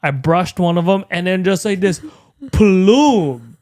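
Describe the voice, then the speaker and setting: A young man co-hosting a podcast, telling a story in an animated way with lots of swearing and loud acted-out yells. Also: sits high, slow pace, dry recording, studio quality. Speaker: podcast co-host. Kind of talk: casual chat.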